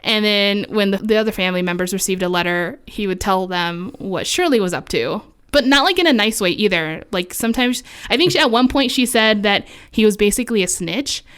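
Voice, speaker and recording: A woman's voice: mid-range voice, animated, brisk, few pauses, fairly bright tone, clear, resonant tone. A woman co-hosting a podcast, telling a ghost story in a casual, chatty way with lots of fillers. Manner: chatty, full of likes and fillers, laughs often.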